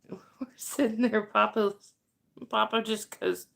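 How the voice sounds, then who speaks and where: A woman's voice: mid-range voice, steady tone, slow pace, vocal fry, a bit bright. A woman hosting a livestream, chatting casually with viewers and laughing often. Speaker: livestream host.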